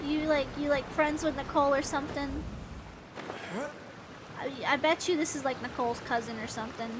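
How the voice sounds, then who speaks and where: Giggly high-voiced young woman gaming. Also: fairly quick, noisy background. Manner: excitable, giggly, rambling chatter with sudden yelps. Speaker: gaming channel host. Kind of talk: casual gameplay commentary. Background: game music.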